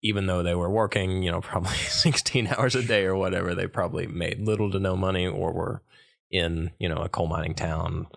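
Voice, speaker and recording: Male co-host with a very low, gravelly voice, hesitant and rambling in casual chat. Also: fairly even intonation, brisk. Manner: rambling, hesitant, many fillers. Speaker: podcast co-host.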